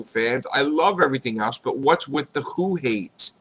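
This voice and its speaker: Man, slightly hoarse, bright forceful tone, emphatic casual vlog rant, repetitive. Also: expressive, normal speed, hardly any pauses. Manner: emphatic, repetitive, rising to high exclamations. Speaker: YouTube vlogger on fan news.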